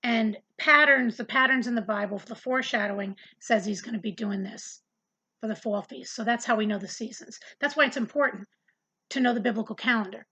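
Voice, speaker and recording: A woman teaches a casual, earnest Bible study lesson to camera, speaking conversationally and often repeating words while she searches for her next thought. Her slightly high voice is brisk, bright, forceful, and husky, and the recording is rough.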